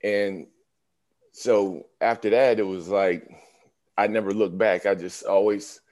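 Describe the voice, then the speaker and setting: Speaking slowly in a fairly low voice, this man in his fifties, once a pro basketball player, spins animated stories during a casual interview. He does the voices of everyone he quotes.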